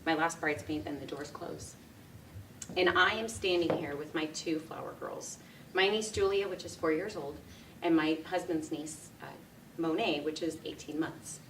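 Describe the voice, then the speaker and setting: A woman giving a speech, telling a personal story in a lively way and laughing often. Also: low-pitched, normal speed, slight background noise. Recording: echoey room, mic from a distance.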